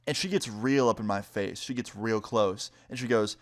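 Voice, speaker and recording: A young man in his twenties telling a casual story time vlog, animated and swearing, speeding up and slowing down. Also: mid-range voice.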